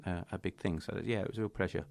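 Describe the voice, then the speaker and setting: A man co-hosting a podcast in casual chat, earnest and hesitant, with many pauses and ums. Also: low-pitched, a little mellow, slight background noise. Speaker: podcast co-host and children's author.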